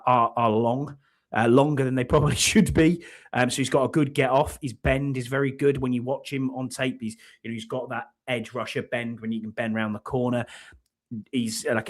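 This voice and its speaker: A man hosting a casual sports podcast, chatty and hesitant, with frequent ums. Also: medium pitch. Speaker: podcast host.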